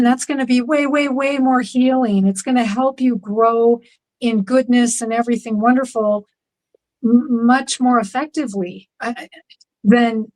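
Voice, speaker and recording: A woman with a fairly high voice speaks as a guest in a casual conversation about faith. Her tone is gentle and reflective, and she keeps affirming what she says. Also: rough recording.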